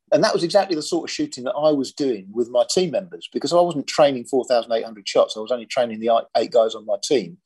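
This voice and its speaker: Husky older British man recounting plainly. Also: mid-range voice, quick pace, few pauses, darkish tone. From Britain. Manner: plain-spoken, matter-of-fact, with casual slang. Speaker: former police firearms officer, guest. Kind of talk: candid storytelling interview.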